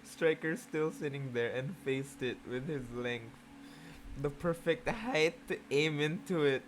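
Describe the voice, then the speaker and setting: A host reading fan fiction aloud in a casual reaction video, moving between slow, even reading and loud, shocked, swearing outbursts. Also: mid-range voice, a little hiss or hum.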